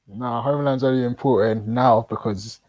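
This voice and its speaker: A man's voice: mid-range voice, fairly even intonation, moderate pace, muffled recording. A man, co-hosting a podcast in casual chat, laughing often and trading mocking, slangy banter. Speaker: podcast co-host.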